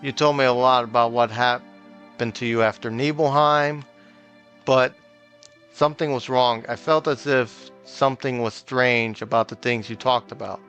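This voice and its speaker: A man reading aloud an earnest young woman who opens up about her worries, her lines read plainly from the game. The voice stays unhurried and sits in a middle range. Soft game music hums faintly beneath it. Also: medium pitch, steady tone, clear, resonant tone, highs cut off.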